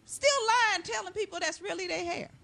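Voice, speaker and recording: A woman performing a stand-up comedy routine on stage, brash and sassy, shouting her punchlines. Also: very high voice, fairly quick, vocal fry. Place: stage before a live audience. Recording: live show with crowd laughter and noise.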